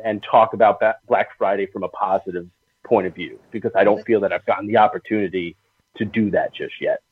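A man's voice: lowish voice, breathy edge, no echo. A man, a guest on a wrestling podcast, speaking frankly and stammering often. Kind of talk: casual podcast chat. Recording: tinny phone-like line, dry.

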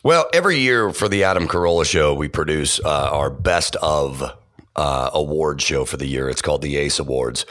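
A man with a remarkably deep, low voice explains his production work in an interview. He talks in a relaxed, thoughtful way, often restarting sentences and filling pauses. The sound is close and dry, with no room echo. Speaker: podcast producer and audio engineer. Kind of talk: interview answer.

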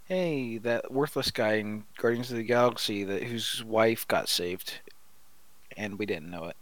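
A man's voice: lowish voice, a little slow, fairly bright tone, poor audio. A man co-hosting a casual movie commentary, making wry, teasing remarks. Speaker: podcast co-host.

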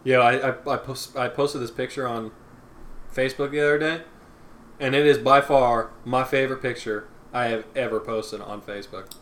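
A man's voice: medium pitch, fairly even intonation, moderate pace, a bit bright. A young man co-hosting a casual podcast, crude and teasing, recorded in a small apartment on a desk microphone a few feet away. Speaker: podcast co-host. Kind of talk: casual chat. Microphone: one shared desk mic about three feet away.

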